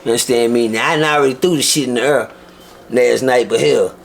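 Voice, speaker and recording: A man with a Texan accent, telling stories as a guest in an interview with animated, profane delivery. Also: medium pitch, quick pace, gravelly, slight background noise. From Texas. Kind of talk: storytelling interview.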